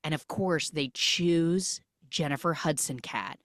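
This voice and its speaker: A woman hosting a podcast, retelling a film with jokey, animated storytelling on a close mic. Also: sits low, slow, dry recording. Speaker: podcast host. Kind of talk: comic film recap.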